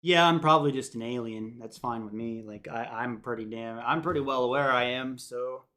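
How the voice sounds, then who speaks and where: A man from the United States chats loosely with his stream audience, wandering between tangents as he goes. His voice sits at an ordinary middle pitch. The recording carries a noticeably roomy echo. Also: moderate pace, sharp tone. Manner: rambling, tangent-prone. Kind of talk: casual chat with stream viewers.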